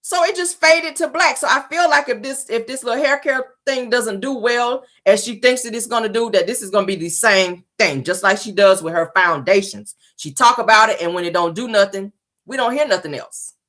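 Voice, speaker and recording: A woman's voice: a little high, brisk. A woman vlogger giving casual, sassy celebrity gossip commentary from her car. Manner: sassy, animated, mocking impressions. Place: parked car. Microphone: phone or dashboard mic in a car.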